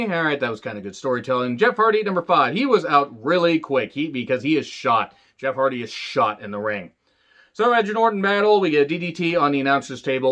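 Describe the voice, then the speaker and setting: Male reviewer, a bit higher-pitched, sarcastic and foul-mouthed, rambling, on dull lo-fi audio. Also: a bit bright. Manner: sarcastic, profane, rambling asides. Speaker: wrestling show reviewer. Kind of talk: casual solo review monologue.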